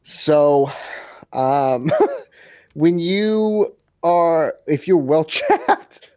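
American male podcast guest, jittery and self-mocking, dry voice, lively pitch. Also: very slow, dry recording. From United States. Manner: nervous, self-deprecating, laughs often. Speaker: guest author. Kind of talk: casual podcast chat.

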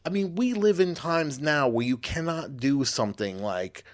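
Male podcast co-host, lively delivery, loose and jokey. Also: fairly high pitch, normal speed. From Long Island, New York. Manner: lively, joking, rambling with many fillers. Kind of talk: casual chat.

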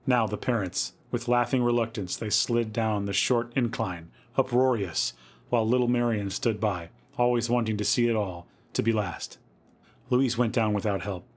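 Male podcast host, lowish voice, dramatic spooky story reading. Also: moderate pace.

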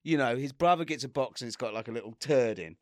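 A man's voice: mid-range voice, animated, fast talker, no room sound. A man on a comedy podcast, rambling animatedly through ideas. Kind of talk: casual comedy banter.

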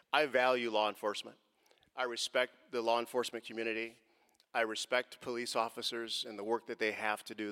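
A man in his forties speaking as an interview guest, earnest and personal. His voice sits at an ordinary pitch and carries a long reverb. He grows heated when he recounts confrontations. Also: a bit bright.

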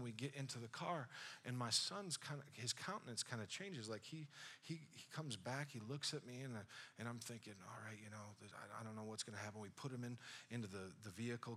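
A male pastor in his thirties preaching a sermon, telling a personal story that builds from hushed retelling to loud, excited preaching. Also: mid-range voice, slightly rough.

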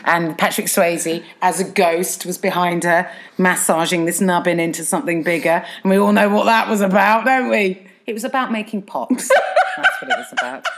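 Lively-voiced woman chatting. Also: on the low side, normal speed. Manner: chatty, wry, tangents and cheeky jokes. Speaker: podcast co-host. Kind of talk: casual chat.

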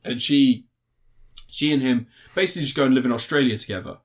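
A man's voice: mid-range voice, fast talker. A man chatting casually about a film, rambling and swearing, doing mocking impressions.

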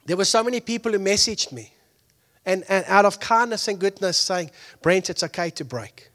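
A high-pitched pastor preaches at a moderate pace in a conversational sermon, acting out the people he quotes. He goes from hushed asides to loud, excited climaxes.

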